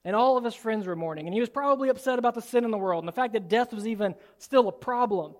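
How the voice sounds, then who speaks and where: A man preaching a sermon as pastor in a church, swinging from soft, low asides to loud, high exclamations. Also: fast talker. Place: church sanctuary.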